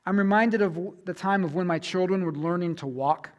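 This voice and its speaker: A man's voice: sits high, fairly quick. A man in his thirties, a pastor, giving an earnest, conversational sermon with repeated phrases.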